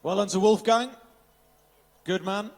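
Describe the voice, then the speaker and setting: High-voiced upbeat male race announcer. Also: fairly even intonation, measured pace, gravelly, in a large hall. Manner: upbeat, rattles off finisher names, drops in Welsh phrases. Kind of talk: live event commentary. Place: outdoor finish area of a triathlon.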